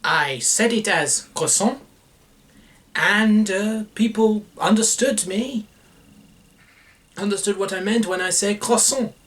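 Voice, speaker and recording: Man, casual home vlogger, halting delivery with lots of ums, slow. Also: high voice, fairly bright tone. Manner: slow and halting, many fillers, chuckles often. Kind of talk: casual chat to camera over lunch.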